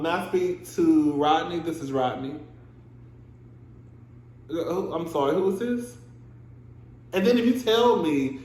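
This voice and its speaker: A young adult man casually recapping a reality TV episode, animated and laughing, acting out scenes in exaggerated voices. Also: a little high. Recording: echoey room.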